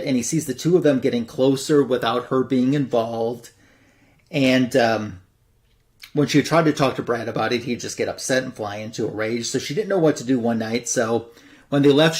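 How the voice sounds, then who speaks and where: A man's voice: mid-range voice, a little mellow. A man hosting a comic book show, casually retelling a story in a loose, rambling way full of fillers. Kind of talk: casual plot recap.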